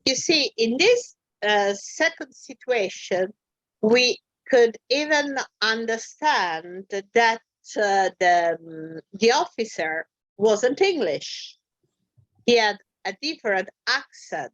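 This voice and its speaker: A woman, an English teacher leading an online lesson, who talks slowly and haltingly with many fillers. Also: a little high, lively intonation, a bit bright, no room sound, dull audio.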